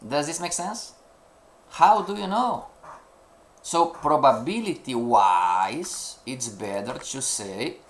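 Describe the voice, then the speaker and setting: Animated non-native English-speaking man teaching. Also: medium pitch, slow pace. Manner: animated, peppers speech with "you know" and rhetorical checks; non-native English, sometimes searches for words. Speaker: trading instructor. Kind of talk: live lesson to students.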